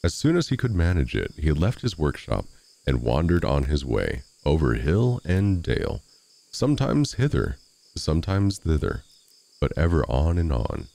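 A male storyteller reads a fairy tale aloud in a very deep, dark voice with a gravelly texture. His theatrical delivery rises and falls widely in pitch. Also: normal speed. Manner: expressive, theatrical.

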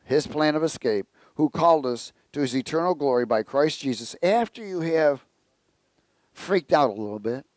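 A man's voice: fairly high pitch, animated, normal speed, no echo. A man preaching a conversational sermon, telling jokes and asking the congregation questions. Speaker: pastor.

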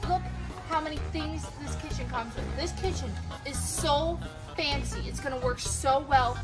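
Loud music plays behind a woman's high voice as she narrates a playful kids' toy vlog, chatting with her toy llamas at a moderate pace. Her manner is bubbly and sing-song, using baby talk with them.

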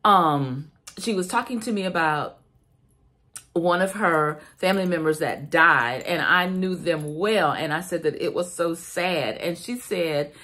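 Slow-talking Southern woman telling a story. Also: on the low side, pushed and bright. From South Carolina, USA. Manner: chatty, talks to viewers as "y'all". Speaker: vlogger. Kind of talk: casual storytelling to viewers.

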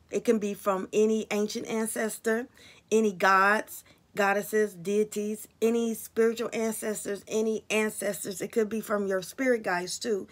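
A woman card reader talking casually and bluntly to her viewers about spirits and signs, swearing freely. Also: medium pitch.

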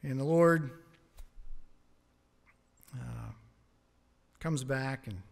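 A man's voice: fairly high pitch, measured pace, long pauses, fairly bright tone. A man preaching a sermon as pastor from a church pulpit, emphatic and often chuckling between points. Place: church sanctuary.

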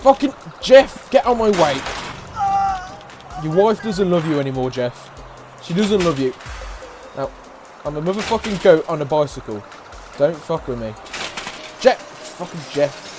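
A man giving excitable, profane let's play commentary as a gaming YouTuber, trash-talking and shouting now and then. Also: fairly high pitch, moderate pace, pauses often. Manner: shouts and whoops suddenly. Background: game music.

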